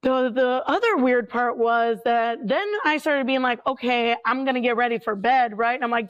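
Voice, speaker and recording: A woman telling a story in a chatty, animated way as a paranormal investigator guest, full of filler words. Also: fairly high pitch, normal speed, few pauses, clear, resonant tone, lo-fi sound. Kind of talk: casual storytelling.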